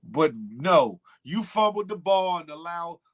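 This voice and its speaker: A man's voice: a little high, sing-song, unhurried, a bit bright. A man hosting a casual morning livestream, talking back to chat and repeating himself for emphasis. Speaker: morning show host reading live chat.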